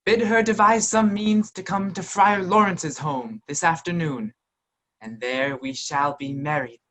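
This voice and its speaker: Teen girl as Romeo, an earnest young lover, lowish voice. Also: unhurried, fairly bright tone. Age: teens.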